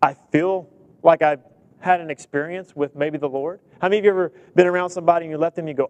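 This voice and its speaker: A man's voice: fairly high pitch, fast, dry recording, highs cut off. A man preaching a sermon. He reads scripture aloud, jokes, and keeps asking the congregation questions. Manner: humorous, asks the congregation many questions.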